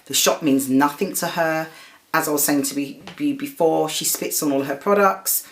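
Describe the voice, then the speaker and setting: A woman with a low, full voice tells her own story straight to her audience. She talks earnestly, backtracking and restarting mid-sentence. When she quotes the other people in the story, her voice jumps up in pitch. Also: normal speed, reverberant. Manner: earnest, retelling a dispute, stumbles and restarts. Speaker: host. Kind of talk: personal storytelling to camera.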